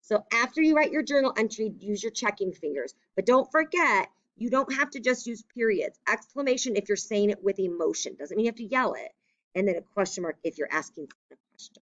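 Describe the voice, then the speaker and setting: A woman's voice: mid-range voice, expressive, a little fast, fairly bright tone, highs cut off. A woman teacher giving a remote lesson to young children, explaining step by step in a patient, upbeat way.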